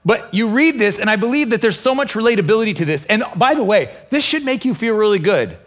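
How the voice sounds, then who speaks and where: A pastor preaching a lively sermon, acting out inner voices and quoting scripture with feeling. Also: male voice, high voice, fast. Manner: animated, acts out inner voices and quotes. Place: church, also streamed online.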